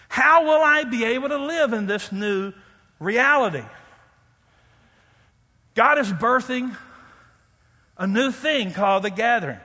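A man preaching a sermon as pastor, animated, acting out loud pleading prayers and making joking asides. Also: extremely high pitch, unhurried, pauses often, big-room sound.

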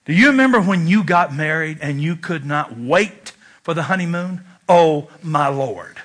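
A man preaching a sermon in church, joking and animated, swinging from loud urging to hushed asides. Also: fairly high pitch, moderate pace. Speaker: pastor.

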